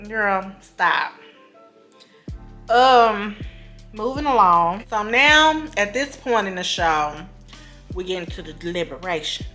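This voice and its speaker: A woman's voice: mid-range voice, expressive, measured pace, sharp tone, soft background music. A woman recapping a reality show in a casual, gossipy way, full of fillers and asides.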